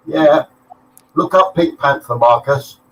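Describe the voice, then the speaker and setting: A man co-hosting a live talk show, telling a long joke like an animated storyteller who takes his time. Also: on the high side, slow pace, muffled recording. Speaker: co-host telling the weekly joke.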